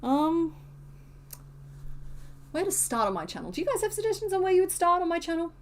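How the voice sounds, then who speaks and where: A woman's voice: very high voice, very animated, fairly quick, slight background noise. A woman, chatting casually on a live stream while she crochets, answering viewers and teasing herself. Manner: chatty, self-deprecating, answers chat questions.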